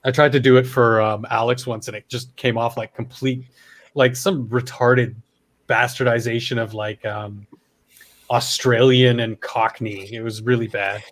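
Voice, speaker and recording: A man's voice: medium pitch, level tone, unhurried. A man from Canada hosting a podcast, talking in a casual, rambling way with frequent restarts and swearing. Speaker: podcast host. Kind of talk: casual chat.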